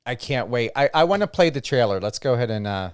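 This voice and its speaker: A man's voice: medium pitch, animated, fast, clean tone, no echo. A man hosting a radio interview, giving brief, encouraging replies. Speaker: radio host.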